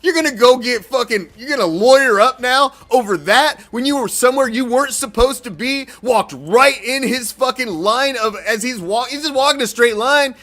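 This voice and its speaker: A man's voice: extremely high pitch, normal speed, few pauses, a bit bright. A man hosting a sports fan show, ranting heatedly and swearing in an exasperated way. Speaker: sports podcast host. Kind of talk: profane fan reaction rant.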